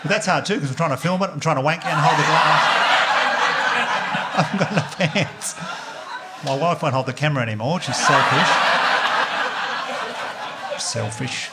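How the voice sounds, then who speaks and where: A man with an Australian accent performing a stand-up set, telling crude stories in a dry, deadpan way. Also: fairly high pitch, moderate pace, long pauses. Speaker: stand-up comedian. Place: comedy club stage before a live audience. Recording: loud audience laughter and noise.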